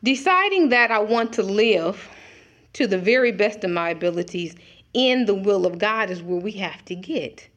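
A woman's voice: mid-range voice, animated, normal speed, fairly bright tone. A middle-aged woman preaching a conversational sermon, acting out little dialogues as she talks.

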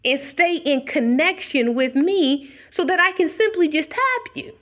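A woman's voice: high-pitched, expressive, a little slow, a bit bright. A middle-aged woman preaching a conversational sermon, acting out little dialogues as she talks.

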